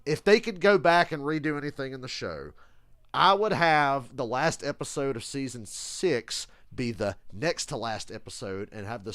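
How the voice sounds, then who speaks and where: Animated, profane man ranting on a stream. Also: medium pitch, no room sound, clean studio sound. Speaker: streamer reacting live to a football game. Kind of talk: casual live-stream chat.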